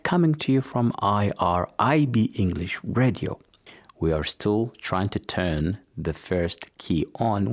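A man presenting a religious radio program, telling stories in a measured way and speaking directly to his listeners. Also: fairly low pitch, a little mellow.

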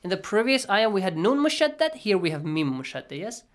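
Soft-spoken man teaching Quran recitation. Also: sits high, big pitch swings, a little fast. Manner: patient, checks understanding with frequent "okay?"; drops to near-whisper asides between recited phrases. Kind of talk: classroom tajweed lesson.

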